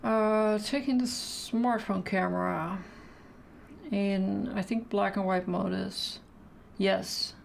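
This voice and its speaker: A woman's voice: mid-range voice, steady tone, slow, creaky, a little hiss or hum. A woman chatting casually during a live painting stream, thinking aloud and answering questions from the chat.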